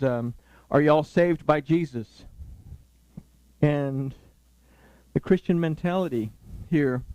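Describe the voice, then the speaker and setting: A man delivers a Sabbath sermon with a somewhat high-pitched voice. He teaches earnestly, leaning on key words and hurrying through asides. The sound is dry, with no room echo. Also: warm tone. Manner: earnest, emphatic, quoting scripture and explaining Hebrew words.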